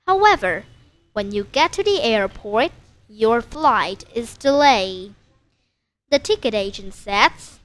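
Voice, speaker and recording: A woman teacher narrating a simple story slowly and clearly for English learners. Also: fairly high pitch. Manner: slow, clear, expressive storytelling.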